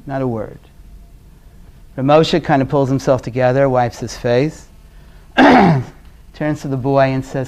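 A man from Brooklyn, New York, giving a conversational class on parenting. He is earnest and often drops to a quiet, low voice as he tells stories. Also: animated, slow, long pauses, a little hiss or hum. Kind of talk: conversational lecture with storytelling.

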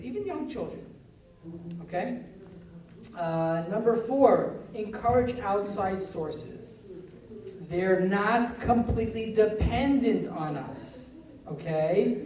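A man giving a live talk on parenting, animated and acting out family scenes in quoted voices. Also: high-pitched. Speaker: parenting lecturer. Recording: roomy echo, speaker far from the mic.

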